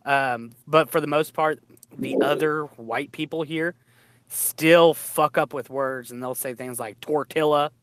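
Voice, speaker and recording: A man's voice: a little high, steady tone, a little slow, fairly bright tone, clear, resonant tone, dry recording. A man hosting a casual video-call chat, laid-back and joking. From Texas, USA. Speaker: host.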